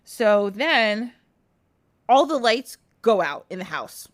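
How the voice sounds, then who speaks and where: A woman podcast host casually retelling a folk tale, animated, laughing often and using "like" a lot. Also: on the high side, slow, dry recording, clean studio sound. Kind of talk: casual storytelling.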